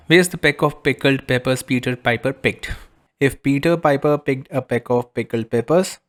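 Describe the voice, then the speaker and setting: A man's voice: mid-range voice, a bit bright. A man reviewing a desk microphone he is testing, explaining casually with playful asides. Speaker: tech reviewer. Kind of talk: product review narration. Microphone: desk condenser microphone under test.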